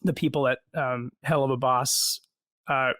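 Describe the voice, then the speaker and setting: A man's voice: mid-range voice, fairly even intonation, a little slow, fairly bright tone, dry recording. Chatty man on a dry video call. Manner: chatty, self-deprecating, laughs often. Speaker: guest actor. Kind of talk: casual video-call interview.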